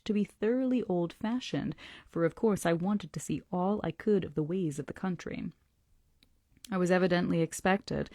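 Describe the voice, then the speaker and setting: A woman hosting a book club, reading a novel aloud slowly and deliberately, often dropping into whispers. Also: on the low side, warm tone, no room sound, clean studio sound. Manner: slow, deliberate, dips into whispers.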